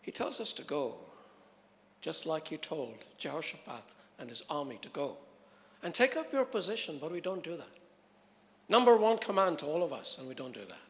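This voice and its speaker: A man preaches with emphatic repetition, building up loud and then dropping to a hush. His voice sits fairly high for a man and rings out with a long reverb through a large hall. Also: sing-song, moderate pace. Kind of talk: sermon.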